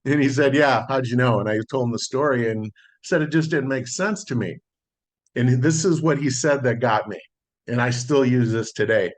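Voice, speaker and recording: A middle-aged man, a solar sales consultant, telling a relaxed story in a podcast interview and acting out the dialogue. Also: medium pitch, moderate pace. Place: Las Vegas.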